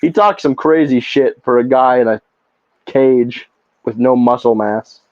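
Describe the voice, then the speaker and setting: A man co-hosting a podcast, ranting in a profane, animated way in casual chat. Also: mid-range voice, a little slow, dry recording. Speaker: podcast co-host. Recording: slightly dull lo-fi podcast audio.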